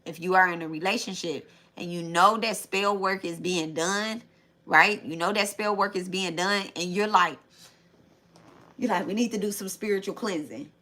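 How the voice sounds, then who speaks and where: A woman's voice: medium pitch, normal speed, pushed and bright. A young adult woman hosting a live tarot stream, chatting casually and repeating herself as she talks straight to her viewers.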